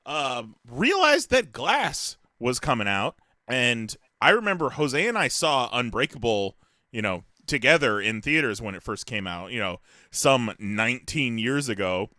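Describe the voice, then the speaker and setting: Bright, lively male podcast co-host. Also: medium pitch, unhurried, no echo, clean studio sound. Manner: joking, reads from notes. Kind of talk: casual chat.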